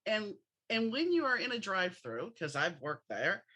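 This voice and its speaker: A woman's voice: mid-range voice, sing-song, moderate pace, pushed and bright, breathy edge. A woman hosting a podcast, chatting frankly in a casual interview and drawing on her own stories. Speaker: podcast host.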